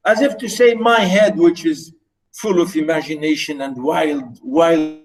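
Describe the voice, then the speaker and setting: The online literature lecture comes from a middle-aged Arabic-speaking man with a fairly high pitch, captured on a rough recording. His delivery is halting, with lots of fillers and repetition.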